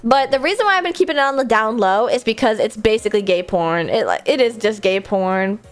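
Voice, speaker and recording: A woman streamer chatting casually with her viewers, giggly and self-mocking, with quick asides. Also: fairly high pitch, lively intonation.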